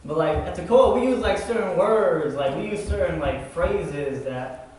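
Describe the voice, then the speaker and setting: A young man gives a loose, conversational sermon, peppering it with "like" and "man." His voice is high and animated with a darkish tone, moving at a measured pace. It's captured from far away in an echoey hall with faint noise.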